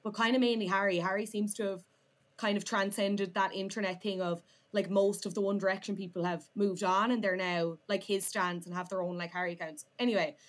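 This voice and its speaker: A woman's voice: mid-range voice, steady tone, a little fast. Chatty young Irish woman. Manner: chatty, full of "like" fillers. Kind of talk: casual chat.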